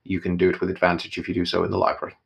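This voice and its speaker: A man running a tabletop role-playing game as game master, explaining locations and rules at an easy, measured pace. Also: sits low, monotone, gravelly.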